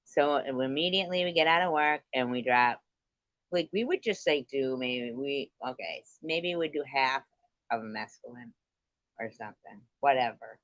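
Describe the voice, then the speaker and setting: A woman's voice: rumbling low, moderate pace, no echo, lo-fi sound. A woman hosting a livestream, telling stories in a casual, profane way and laughing often. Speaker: livestream host. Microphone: computer mic on a streaming call.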